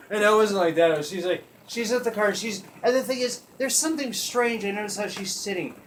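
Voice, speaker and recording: High-voiced guy cracking himself up telling a crazy story, cusses a lot. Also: normal speed, slight background noise. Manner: animated, laughs mid-sentence, swears freely. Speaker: podcast host. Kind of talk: comedic storytelling.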